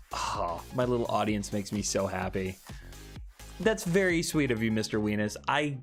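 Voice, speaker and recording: A young man hosting a casual live stream, chatting with viewers and answering their comments, often jumping into high excited squeals. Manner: animated, jumps into high excited squeals and laughs.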